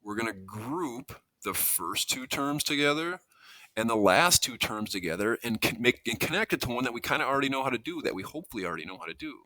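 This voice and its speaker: A man's voice: mid-range voice, lively intonation, fast, sharp tone, no room sound. A man teaching a math lesson, explaining steps in a conversational way, thinking aloud and correcting himself as he goes. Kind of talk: classroom lesson walkthrough.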